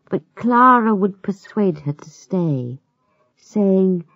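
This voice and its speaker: Slow, expressive woman storyteller. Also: mid-range voice, no echo. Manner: measured, expressive. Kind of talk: storybook reading for learners. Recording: muffled with faint music.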